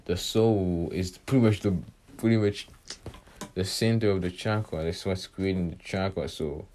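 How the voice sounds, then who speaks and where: A man voicing a brash young male ninja hero who brushes things off and swears, in his own low voice. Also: steady tone, normal speed, a little mellow, slight background noise, lightly acted. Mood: smug. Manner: offhand, swearing.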